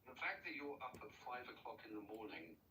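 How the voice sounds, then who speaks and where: A man calling into a livestream, lecturing in a calm, cutting way. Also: mid-range voice, fairly quick, a little hiss or hum. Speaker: caller on a livestream. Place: London. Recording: echoey call audio from far off.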